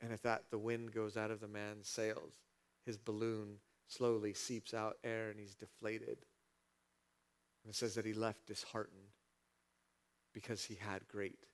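Speaking in a lowish voice, this male pastor preaches with animation, dramatizing scripture through voiced asides and rising to emphatic peaks.

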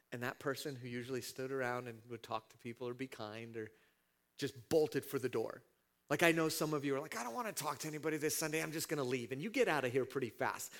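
A man preaching a sermon as pastor, dropping to a hush and then rising to shouts as he acts out scenes from the passage. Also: medium pitch. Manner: dramatic swings from hushed to shouting, acting out scenes.

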